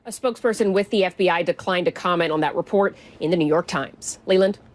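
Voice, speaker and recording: A woman's voice: fairly low pitch, quick pace, no room sound. Woman reporting news from outdoors. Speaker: news correspondent. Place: outdoors in snow.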